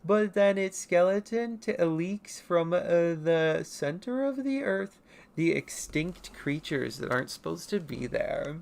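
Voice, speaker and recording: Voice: medium pitch, expressive, a little slow, vocal fry, darkish tone. A young adult artist livestreaming, casually narrating and ribbing their own childhood comic, now and then acting out character lines. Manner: rambling, self-mocking, briefly acting out character lines.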